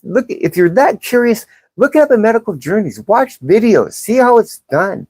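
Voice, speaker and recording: A woman's voice: medium pitch, big pitch swings, normal speed, darkish tone, husky, no room sound. A woman hosting a livestream, reading chat comments and answering them in a blunt, profane, sarcastic way. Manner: combative, sarcastic, calls out commenters. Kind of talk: live-stream commentary.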